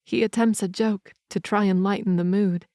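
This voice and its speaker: A woman narrating a romance audiobook in the first person, in a measured, intimate storytelling manner on a close mic. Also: medium pitch, fairly even intonation, dark tone, dry recording.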